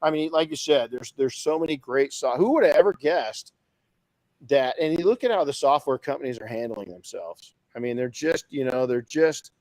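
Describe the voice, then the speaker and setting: A man's voice: mid-range voice, normal speed, a little mellow, no echo, rough recording. A man hosting a podcast in casual chat, enthusiastic and often repeating his words. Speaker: podcast host.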